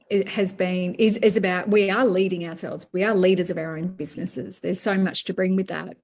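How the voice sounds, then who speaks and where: A middle-aged woman speaks in an interview with a plain mid-range voice. She is earnest and runs her thoughts together in long, looping sentences. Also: mid-range voice. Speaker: guest, money management coach. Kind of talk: conversational interview.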